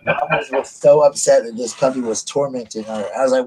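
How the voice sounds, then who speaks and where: A man's voice: mid-range voice, fairly even intonation, fairly quick, a crowd in the background, low-quality recording. A man, casually telling stories on his vlog and laughing at them. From United States. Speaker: vlogger. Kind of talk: casual storytelling.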